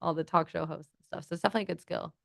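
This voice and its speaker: Woman, podcast guest, rapid talker, chatty, dry close sound. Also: lowish voice, creaky, dry recording. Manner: animated, chatty, many fillers and acted-out quotes. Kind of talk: casual interview chat.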